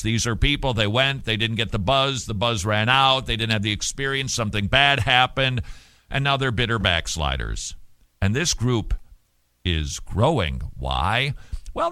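A man's voice: mid-range voice, pushed and bright, no room sound. A man preaching in an emphatic, punchy way, with mocking asides. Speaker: radio preacher. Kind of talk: preaching monologue.

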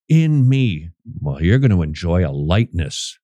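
A man preaching on his radio show in an emphatic, dramatic way, his voice leaping high and dropping low. The sound is dry and close, with no room echo. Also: big pitch swings, unhurried, hardly any pauses, dark tone. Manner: emphatic, dramatic preaching with sudden pitch swings. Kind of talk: radio Bible teaching.

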